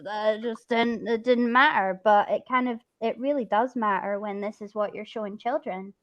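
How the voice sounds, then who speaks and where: Chatty higher-voiced woman, mixed Scottish-English accent. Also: steady tone, lo-fi sound. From Scotland. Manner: rambling, chatty, quick to laugh. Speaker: stream host. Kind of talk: casual chat.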